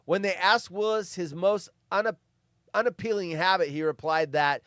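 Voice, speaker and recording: A man with a high-pitched voice reads trivia in a relaxed commentary, breaking off for offhand asides. The recording is dry and close, with no room sound. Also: normal speed, dry recording. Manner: reads facts, then adds offhand asides. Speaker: host reading movie trivia. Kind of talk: casual commentary over a film.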